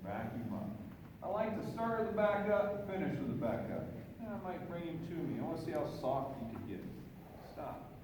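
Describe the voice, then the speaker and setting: A man training a horse, giving calm running commentary and soothing praise. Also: a little high, normal speed. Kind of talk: training demonstration. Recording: echoey arena, far from the mic, ambient noise.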